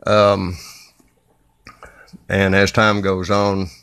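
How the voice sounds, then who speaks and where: A man's voice: low voice, completely flat delivery, very slow, vocal fry, fairly bright tone, smooth, dry recording. A man from Kentucky with a Southern accent, hosting a casual solo podcast, talkative and blunt, with folksy jokes and frequent uhs. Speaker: podcast host.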